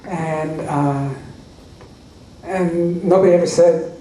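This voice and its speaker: Man, convention panel guest, wry anecdotal storyteller, fairly high voice, distant echoey hall capture. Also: steady tone, slow pace, mellow, a little hiss or hum. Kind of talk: audience Q&A at a fan convention. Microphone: recorded from the audience. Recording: echoey hall recorded from far off.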